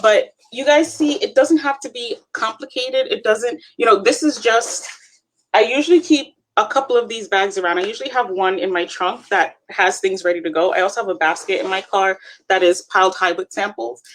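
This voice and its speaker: A woman's voice: medium pitch, brisk, a little hiss or hum. A woman co-hosting a live stream, coaching viewers in an encouraging, chatty way. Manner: encouraging, addresses viewers as "you guys". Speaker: co-host, Avon representative.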